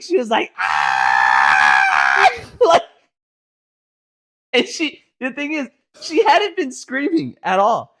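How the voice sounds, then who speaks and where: A woman co-hosting a podcast in casual chat, telling a story with lots of swearing and acting out the quotes as she goes. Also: medium pitch. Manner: animated storyteller who swears freely and acts out quotes. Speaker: podcast co-host.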